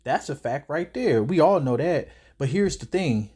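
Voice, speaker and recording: A man's voice: on the high side, animated, moderate pace, a little mellow, slightly rough. A man out of breath, reading and quoting scripture in a casual, preachy commentary on a clip. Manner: preachy, quotes scripture at length; casual street talk. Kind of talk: religious reaction commentary.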